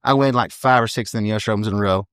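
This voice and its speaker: A man in his thirties, a professional team roper, telling stories in a casual, animated podcast interview and often tacking on "you know what I mean". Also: lowish voice, very fast, clear, resonant tone, no echo, studio quality.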